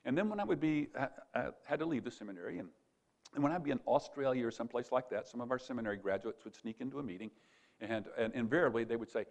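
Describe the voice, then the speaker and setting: An older man speaking at a retreat, telling a personal story in a conversational sermon style and quoting others in lively voices. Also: medium pitch, fast talker, creaky. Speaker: conference speaker.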